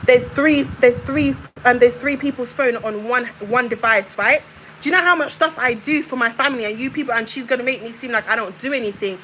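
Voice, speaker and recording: A woman's voice: fairly high pitch, brisk, pushed and bright, slight background noise, rough recording. A young woman on a live stream, ranting in a confrontational way and hammering her points home with repetition. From United Kingdom. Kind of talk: heated live-stream rant.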